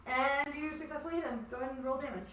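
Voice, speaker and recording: A woman game master narrates a tabletop session in a bright, forceful voice that sits a little high. She laughs often and swears freely. She is recorded from far off in a very echoey room with faint noise behind her. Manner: giggly, swearing freely, quick asides.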